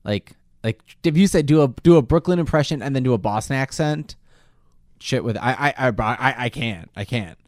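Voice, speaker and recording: A man's voice: mid-range voice, lively intonation, normal speed, no echo, clean studio sound. A man co-hosting a podcast in casual chat, stammering and repeating words as he starts. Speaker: podcast co-host.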